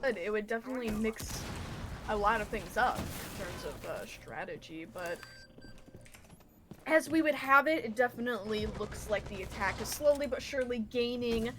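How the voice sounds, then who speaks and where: A woman's voice: mid-range voice, normal speed, background noise. A woman co-casting a live esports match, giving casual, chatty color commentary on strategy. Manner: casual, chatty, laughs easily. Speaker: esports co-caster.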